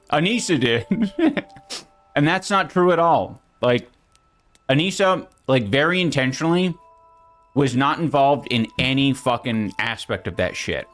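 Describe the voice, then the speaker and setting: A man's voice: mid-range voice, expressive, unhurried, pauses often, fairly bright tone, soft background music. A man talking casually and a little hesitantly in a video clip. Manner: conversational, hesitant.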